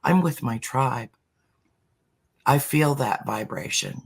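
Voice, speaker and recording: A middle-aged speaker talking earnestly about spirituality as a podcast guest, slowing down to stress words. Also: mid-range voice, creaky, slightly rough. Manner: earnest, emphatic, slows for emphasis. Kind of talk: heartfelt spiritual talk.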